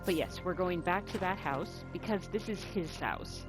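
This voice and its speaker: Over game music, a woman with a fairly low voice hosts a game walkthrough, giving chatty, rambling commentary at a normal speed. The recording is rough.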